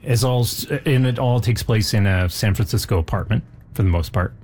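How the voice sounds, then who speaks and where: A man with a lowish voice speaks into a studio microphone as a radio guest. He talks about films in a relaxed, hesitant way, stopping to restart his sentences. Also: a little fast. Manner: hesitant, many ums and restarts. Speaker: film society guest. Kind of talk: casual radio interview.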